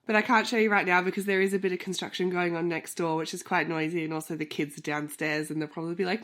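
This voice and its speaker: A woman's voice: fairly low pitch, fairly quick, hardly any pauses, a bit bright. A woman in her thirties who has a flu and sounds nasal, chatty and a little out of breath, rambling off on tangents as she hosts a book vlog. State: short of breath from pregnancy. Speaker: book vlogger host. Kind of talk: casual chat.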